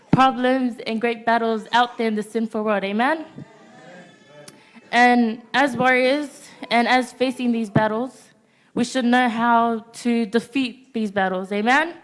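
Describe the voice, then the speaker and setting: A teenage girl with a high voice preaches to a youth congregation in a church. She delivers her sermon in short, declared points and pauses after nearly every one to ask "Amen?" as call-and-response. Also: fairly even intonation. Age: teens.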